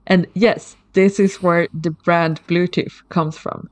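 A co-host speaks slowly in a steady, mid-range voice, talking through a subject methodically on a casual podcast and often restarting phrases. The recording is dry with no room sound.

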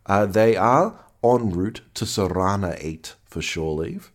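Low-voiced male podcast host, wry and deadpan. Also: slow pace. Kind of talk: casual chat.

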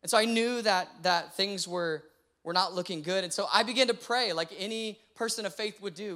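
Speaking at normal speed in a high-pitched, pushed, bright voice, a young man who is a pastor tells a heartfelt personal story from the pulpit. It's an earnest testimony sermon.

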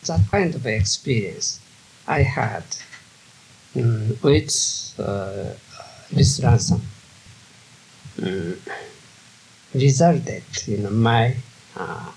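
An older man with a Japanese accent, a native Japanese speaker, reminiscing haltingly in an archival talk, with many fillers and soft laughs. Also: medium pitch, lively intonation, creaky, slight background noise, poor audio. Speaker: Zen teacher recalling his past.

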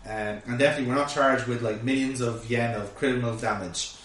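A man's voice: medium pitch, steady tone, fast talker, fairly bright tone, distant mic, slight background noise. A man hosting a podcast, recapping an episode in casual chat, rambling with lots of fillers and restarts. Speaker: podcast host. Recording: echoey room, set back from mic.

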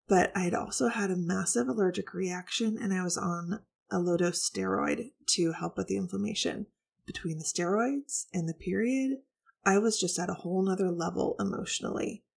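Podcast host, woman, frank and reflective storytelling, vocal fry throughout. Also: lowish voice, darkish tone. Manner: candid, reflective, confessional. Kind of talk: personal storytelling to listeners.

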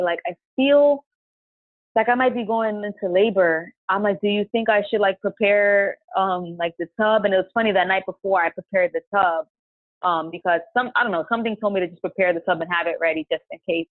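A woman guest on a podcast tells her own story casually and chattily, stuffing her talk with "like" and acting out what she said back then. Her voice is medium-pitched and brisk, heard over a dry, tinny phone-line sound.

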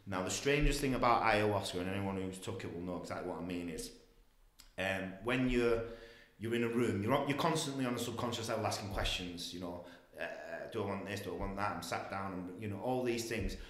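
A man, telling a long story with loose, animated energy. His voice sits a little low, and the room gives it a roomy echo. He talks in a casual, meandering way, full of asides. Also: a little fast. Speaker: guest.

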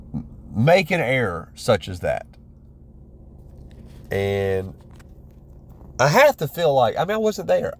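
A man giving a blunt, profane, casual monologue, talking like a shooting-sports commentator. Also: medium pitch.

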